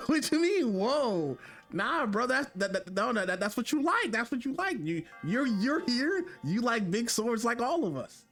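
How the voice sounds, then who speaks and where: A man streaming a game live, talking to his chat in a jokey, excitable way and repeating himself when flustered. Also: very high voice, measured pace, faint music behind. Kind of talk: live gameplay commentary.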